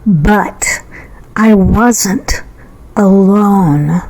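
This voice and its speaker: A woman narrating her own true story in a measured, suspenseful way. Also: medium pitch, darkish tone, faint music behind, poor audio. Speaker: author and narrator.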